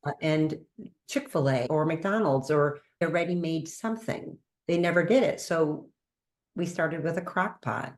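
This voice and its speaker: Low-voiced, animated woman host. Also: a little slow. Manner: animated, acts out quoted dialogue, laughs often. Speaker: host, doctor. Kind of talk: casual interview conversation.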